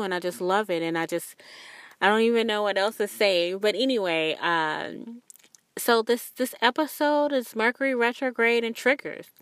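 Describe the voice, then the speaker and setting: A woman's voice: fairly bright tone, clean tone, no room sound. A young woman hosting a spiritual podcast, talking in an earnest, rambling, confiding way. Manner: acts out quoted voices with sudden high pitch jumps. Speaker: podcast host.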